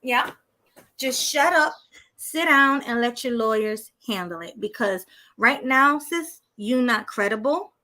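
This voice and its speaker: Bright-voiced woman podcast co-host. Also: on the high side, lively intonation, unhurried. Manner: laughs often, blunt and sassy. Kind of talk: reading news aloud and casual chat.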